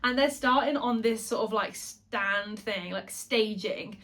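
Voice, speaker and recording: A woman singer and vlogger chatting casually to camera, gossipy and quick with asides and self-corrections. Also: mid-range voice, a bit bright.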